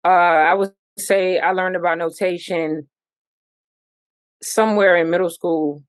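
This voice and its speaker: A woman from Virginia, a musician guest on an interview, telling stories with lively sung-out rhythms and sound effects. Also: lowish voice, a little slow, no room sound. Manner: animated storytelling, sings out rhythms and sound effects. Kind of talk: casual interview.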